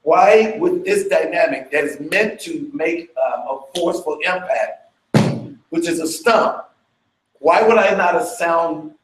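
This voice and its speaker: A man's voice: a little high, animated, unhurried, very noisy. Man teaching dance with vocal sounds. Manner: vocalizes beats and sounds with energy; chatty, checks in with listeners. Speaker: dance fitness instructor. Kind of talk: teaching a workshop. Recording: echoey room.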